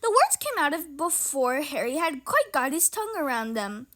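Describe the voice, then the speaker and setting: A woman reading a novel aloud in a lively way, with small stumbles and restarts. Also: sits high, normal speed. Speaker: reader.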